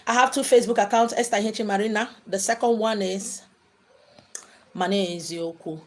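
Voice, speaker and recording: A woman with a mid-range voice, speaking at normal speed, hosts a spiritual livestream from indoors and responds to viewers' questions. She preaches emphatically, driving her points home by repeating phrases.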